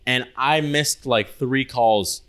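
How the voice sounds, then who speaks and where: A man co-hosts a laid-back podcast and rambles through his stories in a casual chat. He leans on "like" and drops swear words freely. His voice sits at an ordinary middle pitch. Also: slow pace, a bit bright, slight background noise. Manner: loose, swearing storyteller, heavy use of "like". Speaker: podcast co-host.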